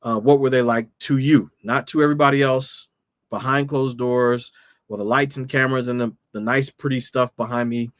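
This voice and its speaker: Pastor, male, conversational sermon delivery, mid-pitched voice, dry close sound, repeats key questions. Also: fairly even intonation, moderate pace, fairly bright tone, dry recording. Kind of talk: sermon-style teaching to camera.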